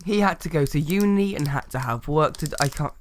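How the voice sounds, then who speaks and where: A man's voice: on the high side, brisk, slight background noise. A young man co-hosting a casual podcast over an online call, with dry, teasing banter. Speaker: podcast co-host.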